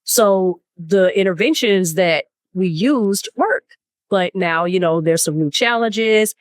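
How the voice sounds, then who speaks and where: A woman's voice: mid-range voice, slow pace, no room sound, studio quality. A woman therapist co-hosting a casual podcast chat, speaking earnestly and reflectively. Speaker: therapist and co-host.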